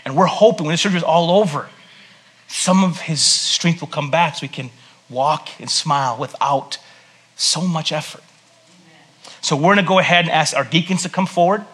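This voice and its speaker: A man preaching a sermon as a pastor in a church service, conversational and joking, swinging between loud bursts and hushed earnest tones. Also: fairly high pitch, normal speed.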